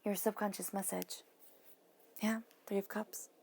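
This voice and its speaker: A woman giving a tarot reading, talking soothingly and dropping now and then to soft whispers. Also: medium pitch, flat delivery, a little slow, creaky, breathy edge. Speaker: tarot reader.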